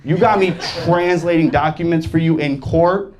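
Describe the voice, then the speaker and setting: Young man, stand-up comedian, live stage set, animated, laughs while talking, high voice, audience noise clearly heard. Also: normal speed. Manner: animated, jumps into loud exaggerated quoted voices, laughs through lines.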